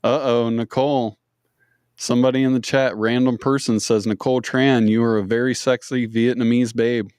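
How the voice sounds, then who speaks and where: A man hosting a podcast in relaxed chat, reading out viewer comments. His voice sits mid-range. The sound is dry and close. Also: medium pitch, normal speed, clear, resonant tone, no room sound. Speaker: podcast host. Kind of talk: casual chat.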